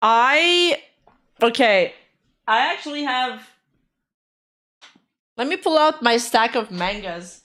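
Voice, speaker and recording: Reacting to videos on her stream, a woman talks in a relaxed way and swears casually, her voice still sore after an illness. It's on the high side and animated, slow with frequent pauses, and fairly bright.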